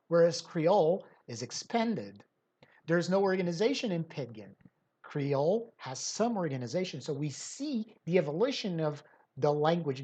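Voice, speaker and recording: A woman's voice: low-pitched, darkish tone. A woman teacher giving an explanatory lecture, asking rhetorical questions and using frequent fillers.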